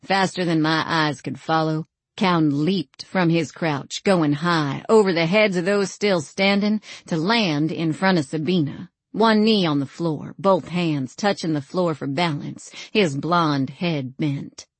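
A woman reading a first-person novel aloud as an audiobook narrator, in a measured, dry storytelling manner. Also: deep voice, no room sound.

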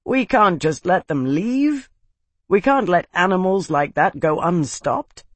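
A man's voice: sits high, animated, no echo, full character voice. A man doing a cackling skinny old man. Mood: protesting. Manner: cackling, drawn-out delivery. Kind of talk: audiobook character voice.

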